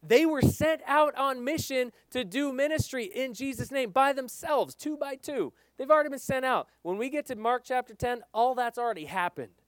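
A middle-aged male pastor preaching with earnest emphasis, swinging between loud stresses and quiet asides. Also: extremely high pitch, normal speed, few pauses, dry recording. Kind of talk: sermon.

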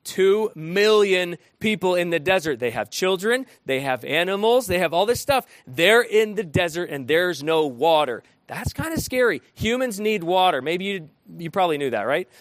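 Animated high-voiced male preacher. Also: normal speed, hardly any pauses, no echo. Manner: animated, asks the room questions. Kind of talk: interactive sermon.

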